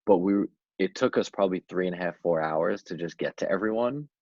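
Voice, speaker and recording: A man's voice: low voice, brisk, dark tone, no room sound. A man co-hosting a podcast in a casual chat, rambling with many restarts and fillers. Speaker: podcast co-host. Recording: dull lo-fi dry sound.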